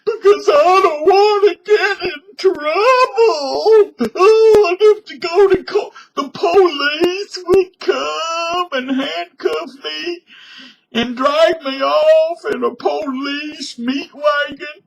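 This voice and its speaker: Whiny scared rule-follower, shrill falsetto, near tears, husky edge, webcam comedy skit. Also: male voice, takes it slowly, heavily acted, rough recording. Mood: wailing. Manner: high wailing, whimpering falsetto, nearly crying. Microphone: webcam microphone.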